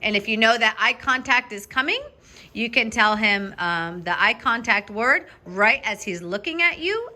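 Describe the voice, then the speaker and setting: A woman dog trainer coaching a student through a lesson in an upbeat, directive way, often checking in with "okay?" and breaking into bursts of high praise for the dog. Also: pushed and bright.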